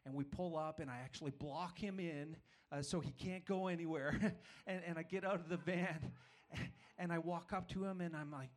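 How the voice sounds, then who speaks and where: A man's voice: fairly high pitch, steady tone, normal speed, hardly any pauses. A man preaching a sermon, telling a personal story in a self-deprecating way, with frequent restarts. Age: adult father of young children.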